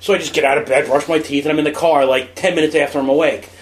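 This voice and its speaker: A man's voice: a little high, fairly even intonation, rapid-fire. A man with a New Jersey accent co-hosting a radio show, rambling through self-deprecating stories and laughing as he goes. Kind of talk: casual chat.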